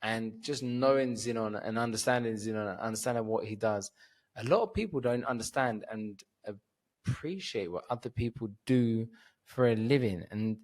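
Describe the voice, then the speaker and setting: A comedian from Cyprus joins a podcast for a loose chat, intoxicated and sleepy, wandering off topic and swearing openly. He speaks at a moderate pace in a mid-range, somewhat mellow voice.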